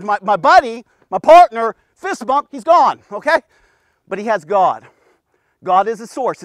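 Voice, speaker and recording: A man giving a casual, energetic men's devotional, talking to the listener in punchy bursts and often checking in with "okay?". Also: extremely high pitch, no echo, clean studio sound. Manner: punchy, keeps asking "okay?", bursts of loud exclamations. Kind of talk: casual energetic Bible teaching.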